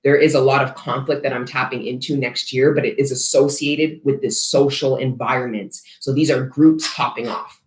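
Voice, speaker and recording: A woman's voice: extremely low pitch, steady tone, moderate pace, hardly any pauses. A woman giving a collective tarot reading, talking bluntly and profanely with rambling asides. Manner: rambling, self-interrupting asides. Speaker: tarot reader. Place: her studio. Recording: echoey room.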